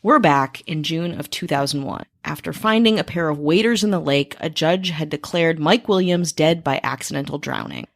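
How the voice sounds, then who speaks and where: Fast-talking woman with a low voice. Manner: speedy talker. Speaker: podcast co-host. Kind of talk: casual chat and scripted true-crime narration.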